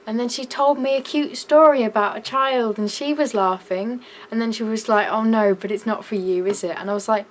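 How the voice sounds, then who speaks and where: A young woman with a British accent ranting in a vlog, shouty and exasperated. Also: mid-range voice, moderate pace, poor audio. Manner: shouty, exasperated, breaks into laughs. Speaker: vlogger.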